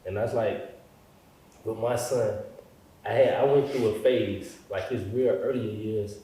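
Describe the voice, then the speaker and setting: Low mellow-voiced man, echoey room. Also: fairly even intonation, measured pace, a little hiss or hum. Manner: easygoing, frequent agreeing "yeah". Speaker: podcast guest. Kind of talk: casual conversation. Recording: roomy echo, mic at a distance.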